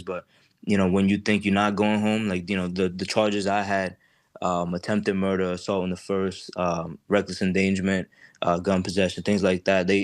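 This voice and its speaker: A young man telling the story of his jail stay in a halting, conversational way, with many fillers and restarts. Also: deep voice. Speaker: client describing his case.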